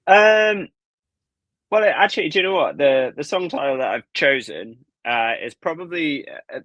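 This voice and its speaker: A man in casual podcast chat over a remote call, laid-back and halting with "um"s and "like"s. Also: fairly high pitch, expressive, fairly bright tone, no echo, highs cut off. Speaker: podcast co-host. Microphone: remote livestream call.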